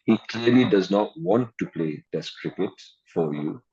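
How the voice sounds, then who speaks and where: A man's voice: low voice, expressive, moderate pace, mellow, breathy edge, highs cut off. A man giving emphatic cricket opinions in a podcast discussion. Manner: emphatic, laughs often. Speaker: cricket pundit.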